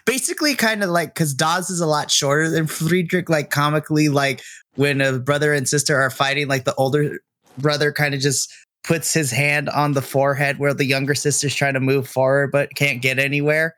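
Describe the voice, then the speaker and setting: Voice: medium pitch, steady tone, fairly quick, fairly bright tone. Rambling game master narrating a scene. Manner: rambling with many likes.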